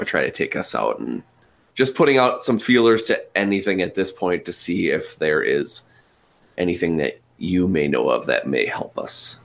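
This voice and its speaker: A man takes his turn in a tabletop role-playing game, hesitant and hunting for words. His voice is very low, with fillers and restarts between thoughts. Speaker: player.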